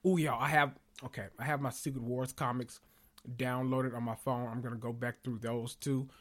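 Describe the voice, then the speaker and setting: A man hosting a casual podcast, excitable and swearing freely as he calls out to listeners, a little out of breath and sweating after a big meal. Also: mid-range voice, moderate pace. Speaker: podcast host. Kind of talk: casual pop-culture recap podcast.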